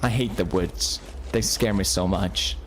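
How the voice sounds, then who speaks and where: A man in his thirties playing a horror game on video, joking along and jumping into high yelps whenever he gets scared. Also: measured pace, a little hiss or hum. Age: 30s. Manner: jumpy, jokey, bursts into high yelps when scared. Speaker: gaming video host. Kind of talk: horror game play commentary.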